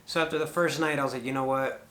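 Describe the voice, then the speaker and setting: A man's voice: mid-range voice, fairly even intonation, fast, bright, forceful tone, reverberant. A middle-aged man telling a rambling story to the camera, full of fillers as he retells conversations. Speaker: paranormal vlogger.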